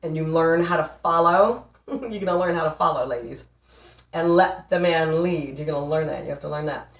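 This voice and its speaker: A woman's voice: low-pitched, moderate pace, recorded from a distance. Playful woman coach in an echoey room. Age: 40s. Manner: emphatic, playful, laughs often. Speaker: relationship coach. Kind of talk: motivational talk to camera.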